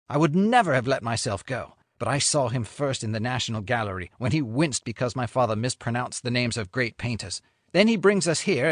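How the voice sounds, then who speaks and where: Guy playing an earnest young englishman declaring his love, lively voice going up and down. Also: medium pitch, no echo, clean studio sound. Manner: earnest, impassioned pleading. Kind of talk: audiobook reading.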